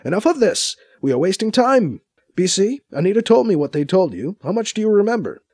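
A man voicing a calm, telepathic male base commander with a wry, authoritative manner. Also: high voice, a little fast, husky, no echo, clean studio sound, pitched above the performer's own voice, heavily acted.

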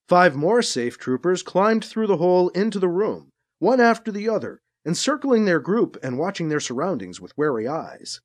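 An audiobook narrator reading an action story in a lively storytelling manner. The voice ranges very widely in pitch. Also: moderate pace, few pauses. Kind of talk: scripted narration.

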